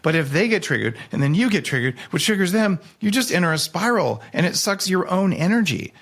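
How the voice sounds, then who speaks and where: Animated man telling stories on a podcast. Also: fairly quick. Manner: animated, jokey storytelling with sudden pitch jumps. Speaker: guest author. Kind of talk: casual podcast conversation.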